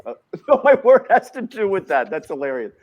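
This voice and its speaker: A man hosting a casual improv game show over a video call, chatty and quick to laugh, often stammering as he talks. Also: sits high, big pitch swings, muffled recording.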